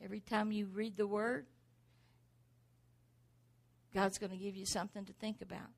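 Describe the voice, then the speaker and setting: A woman's voice: mid-range voice, little pitch movement, normal speed, gravelly, long pauses. A middle-aged woman preaching a sermon, driving points home with rhetorical questions and repeated exhortations.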